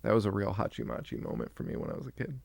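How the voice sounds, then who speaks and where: A man's voice: lowish voice, big pitch swings, racing, vocal fry, darkish tone, no echo. A man co-hosting a horror podcast, recapping a movie in casual chat, joking, laughing often and acting out lines. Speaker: podcast co-host.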